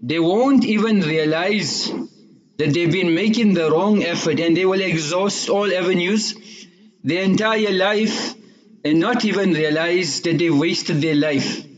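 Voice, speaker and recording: Male preacher, slightly high voice, earnest and moralizing, muffled lo-fi recording. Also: measured pace. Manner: earnest, moralizing, sprinkles in Arabic religious terms. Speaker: Islamic preacher. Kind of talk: sermon with storytelling. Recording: dull lo-fi recording.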